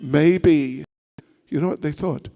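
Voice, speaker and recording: A monk tells a story to his congregation with a playful manner and chatty asides. His voice sits high and carries a gravelly texture. The recording has a long hall reverb. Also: takes it slowly, dark tone. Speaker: monk giving a seminar. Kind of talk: storytelling sermon.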